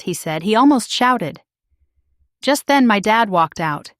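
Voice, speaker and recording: A woman reads a story aloud in short, even, clearly spoken sentences, at an unhurried pace for learners. Her voice sits at an ordinary mid pitch. The sound is dry and close, with no room around it. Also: no echo. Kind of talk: slow, clear first-person story reading.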